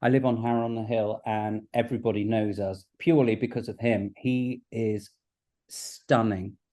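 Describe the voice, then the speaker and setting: A man, a guest in a casual podcast chat, telling stories in a lively way and laughing often. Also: on the low side. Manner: chatty, quick to laugh, animated storytelling. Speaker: guest broadcaster.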